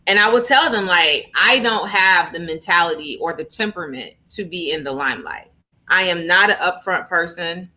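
An animated woman co-host chatting casually. Her voice is bright and forceful, at a middle pitch. The recording sounds a bit dull and lo-fi. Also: normal speed. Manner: animated, chatty, laughs often. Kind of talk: casual chat.

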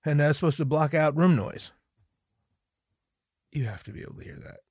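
Solo podcast host, male, 30s: profane, rambling, self-mocking; slightly high voice with big swings, dry close mic. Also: lively intonation, normal speed, darkish tone, breathy edge, no echo. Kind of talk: solo casual podcast monologue. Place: home room with a dog nearby. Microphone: studio microphone.

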